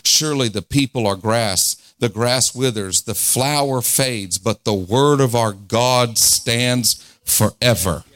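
A man's voice: medium pitch, takes it slowly, hardly any pauses, fairly bright tone, no room sound. A man in his forties preaching a fervent revival sermon, leading the crowd in call-and-response and laughing often. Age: 40s.

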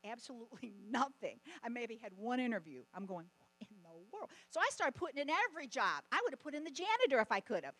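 A middle-aged woman giving a testimony sermon at a conference, telling stories in an animated way and often laughing. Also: a little high, quick pace, dry recording, low-quality recording. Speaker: conference speaker.

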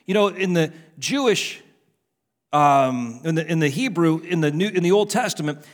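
A man preaching a fervent sermon as pastor at a church service, rising high and loud when stirred, then dropping back to a conversational tone. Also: normal speed.

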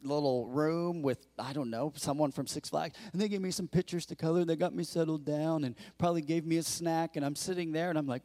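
A male pastor preaching a sermon, telling stories and acting out quotes with lively emphasis. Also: on the high side, fairly quick, big-room sound. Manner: storytelling, animated, acts out quotes.

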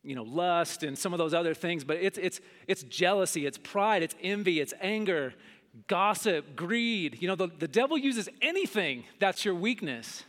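A middle-aged man preaching a sermon, telling stories and acting out scenes with big jumps in his voice. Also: moderate pace. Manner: animated, acts out scenes with big pitch jumps. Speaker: pastor. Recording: long hall reverb.

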